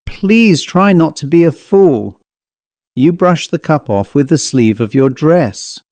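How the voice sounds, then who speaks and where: A man's voice: on the high side, expressive, measured pace, mellow, no room sound. A man reading aloud and voicing a stern, sensible elder spinster sister who speaks in a clipped manner.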